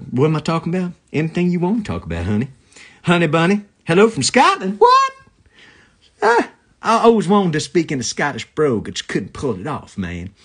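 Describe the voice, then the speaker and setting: A man with a slightly high, husky voice rambles through casual comedy banter on a live stream. His pitch swings widely from line to line as he jokes and greets the viewers. He talks into a phone camera.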